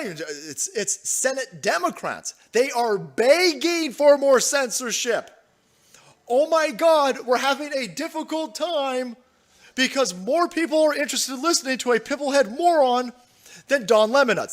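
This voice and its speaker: A man's voice: extremely high pitch, a bit bright. A man hosting a livestream, delivering angry, profane, combative political commentary. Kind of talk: ranting live commentary.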